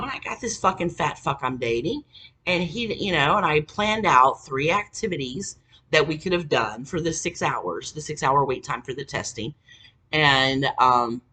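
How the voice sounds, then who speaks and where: A woman's voice: deep voice, pushed and bright, breathy edge. A woman telling a family story to camera in an exasperated, sarcastic rant full of curse words. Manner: exasperated, heavily cursing, sarcastic.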